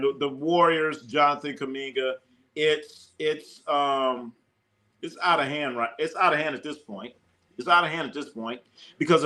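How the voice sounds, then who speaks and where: A man hosting a live sports talk stream, excitable and chatty, riffing on viewer comments and repeating himself for emphasis. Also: on the high side. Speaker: sports show host.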